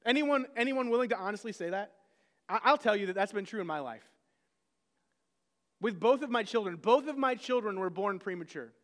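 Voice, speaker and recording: Man, pastor, sermon, conversational, self-deprecating, high voice, long reverb. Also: expressive, fairly quick, long pauses, a bit bright.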